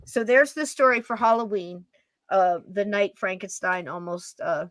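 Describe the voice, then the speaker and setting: Animated woman podcast host telling stories. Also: medium pitch, moderate pace. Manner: lively, laughs while telling stories. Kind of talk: animated storytelling.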